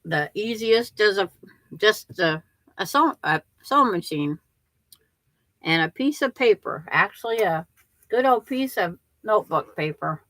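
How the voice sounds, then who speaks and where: Slow, bright-voiced grandmother chatting. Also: mid-range voice, animated, dry recording. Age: older. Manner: chatty, rambling, restarts sentences. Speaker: quilting livestream host. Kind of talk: casual livestream chat with viewers.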